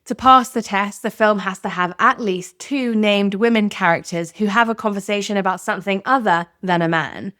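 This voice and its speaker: A woman's voice: medium pitch, normal speed, hardly any pauses, a bit bright, dry recording, clean studio sound. A woman hosting a podcast, narrating in a candid, conversational way. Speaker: podcast host. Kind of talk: scripted narration.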